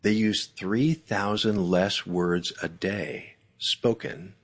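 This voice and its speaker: A man guesting as an author, speaking in an animated, emphatic, preacherly way about faith and communication. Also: on the low side, takes it slowly. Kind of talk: faith-based interview talk.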